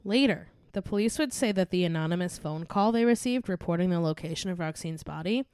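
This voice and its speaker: Her lowish voice is a little mellow, clear and resonant, with lively intonation and a slightly fast pace, in clean studio sound without echo. This young true crime podcast co-host chats and giggles with a friend before narrating a murder case from her notes, laughing often.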